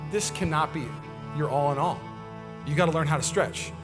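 Brief: male pastor, fairly high voice, chatty sermon, long hall reverb with faint music behind. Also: moderate pace. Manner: casual, chatty preaching with many asides. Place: church sanctuary.

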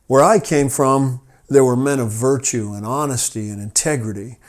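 A man's voice: medium pitch, normal speed, close to an everyday voice. A man voicing a courteous male traveler from a virtuous city, eagerly asking a question and praising the honest people back home. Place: office.

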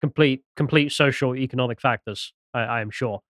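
A man's voice: mid-range voice, fairly quick, a bit bright, dry recording, studio quality. A British man co-hosting a podcast, reading out news stories with mocking, sarcastic commentary. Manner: mocking, sarcastic, swings into jokey mimicry.

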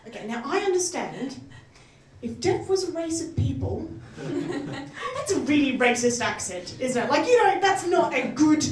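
A woman's voice: sits high, big pitch swings, measured pace, slight background noise. A woman doing a chatty, self-mocking stand-up comedy set, laughing at her own jokes. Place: comedy club stage. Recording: roomy, distant live venue mic with faint ambience.

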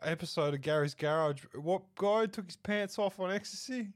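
A man's voice: sits high, a little fast. A man co-hosting a podcast, chatting and interrupting with jokes. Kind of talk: casual podcast banter.

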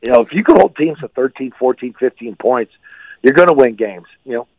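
A man speaking as a guest football analyst on a radio show, giving blunt and animated opinions over a remote line. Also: medium pitch, fairly quick, no room sound. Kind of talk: casual sports radio chat. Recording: dull lo-fi line, dry.

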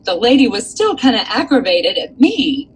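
A woman author, a guest, telling a personal story in an earnest, animated way with many fillers. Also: on the high side, moderate pace, slight background noise, rough recording. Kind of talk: storytelling in a casual chat.

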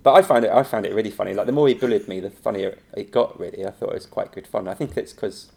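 Laughing improv teacher with gravelly voice. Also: male voice, lowish voice, quick pace. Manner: animated storytelling, laughing often, acting out quotes. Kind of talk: casual anecdotal chat.

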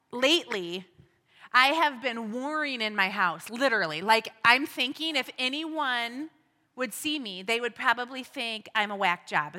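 A woman leads a women's ministry teaching, her high, bright voice moving slowly and earnestly through rhetorical questions. Her words ring out with a long reverb in the hall. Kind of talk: church teaching talk.

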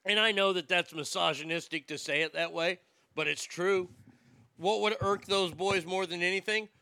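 Blunt, profane man ranting, gravelly and bright. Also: high voice, steady tone, moderate pace, dry recording. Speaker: commentator. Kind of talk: opinion rant.

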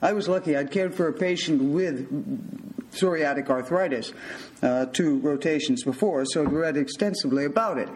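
An older male physician giving a storytelling talk in a measured, wry manner. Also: on the high side, a little hiss or hum, poor audio.

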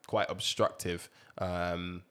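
A man's voice: low-pitched, level tone, slow, a bit bright, clear, resonant tone. A man in casual podcast chat, reflective and jokey.

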